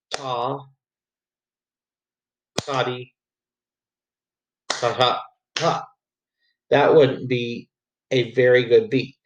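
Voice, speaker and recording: Male music teacher, calm step-by-step screencast walkthrough, computer mic, a bit muffled. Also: medium pitch. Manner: patient, demonstrates rhythms by chanting syllables. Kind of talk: screen-recorded assignment walkthrough. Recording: slightly dull lo-fi audio.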